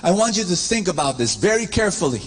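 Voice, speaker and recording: A man's voice: high voice, sing-song, fast, breathy edge. A man in his fifties with a Filipino accent, preaching an anecdote-filled sermon and coaxing the congregation to repeat his lines. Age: 50s. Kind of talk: sermon with call-and-response. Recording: long church reverb, faint music.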